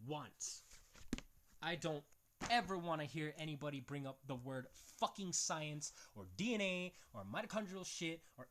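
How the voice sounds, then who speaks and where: A video host with a slightly high, fairly bright male voice reads quotes from books aloud, then mocks them. His casual commentary is blunt, crude and full of swearing.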